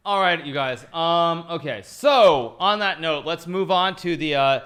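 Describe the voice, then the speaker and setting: Bright-voiced man rambling through chess commentary. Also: on the high side, slow, clear, resonant tone. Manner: chatty, rambling, repeats phrases; thanks viewers for subscriptions between moves. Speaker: chess streamer analyzing games. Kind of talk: casual live-stream commentary.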